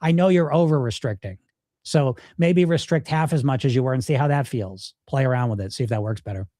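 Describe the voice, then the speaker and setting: A man's voice: medium pitch, a little fast, warm tone, no room sound, studio quality. A middle-aged man coaching viewers on weight loss in a casual live Q&A, blunt and emphatic, swearing freely.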